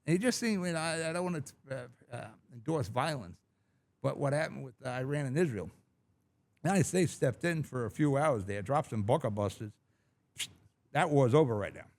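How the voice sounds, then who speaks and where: A man's voice: mid-range voice, gravelly, a little mellow. A middle-aged man hosting a talk radio show from a large studio, giving a blunt, opinionated, rambling monologue.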